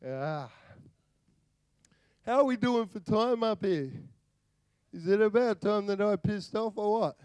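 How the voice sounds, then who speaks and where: An Australian man doing a stand-up comedy set, bantering with the crowd in a slow drawl. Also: high-pitched, a little mellow, clear, resonant tone, no room sound. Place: live venue with audience.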